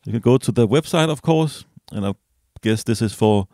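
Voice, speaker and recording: A man casually reviewing a small gadget as he unboxes it, relaxed and hesitant, with fillers and self-corrections. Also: medium pitch, normal speed, no room sound, studio quality. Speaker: product reviewer.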